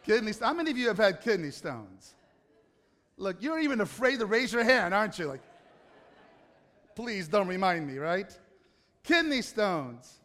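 A man preaching to an audience, telling a self-mocking personal story in an animated way with asides to the crowd. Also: high voice, normal speed, pauses often. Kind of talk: storytelling sermon. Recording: hall reverb.

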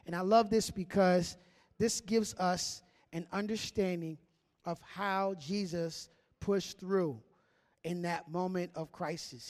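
Male pastor, high-pitched voice, animated sermon delivery with call-and-response.

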